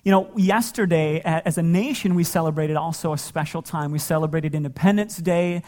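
Relaxed pastor telling family stories. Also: male voice, fairly high pitch, a little fast. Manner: relaxed storytelling with frequent laughter. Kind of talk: sermon.

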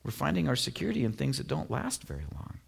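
A man preaching a casual, conversational sermon, full of fillers and lively asides. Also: mid-range voice, fast, creaky, husky. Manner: conversational, animated, many fillers like "you know" and "like". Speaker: pastor.

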